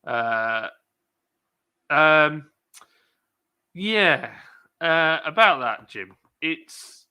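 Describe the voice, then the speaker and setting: A man's voice: fairly high pitch, lively intonation, very slow, pauses often, sharp tone, smooth. A man hosting a casual live chat stream, rambling and self-deprecating, reading out viewer comments with lots of fillers. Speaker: brewery livestream host.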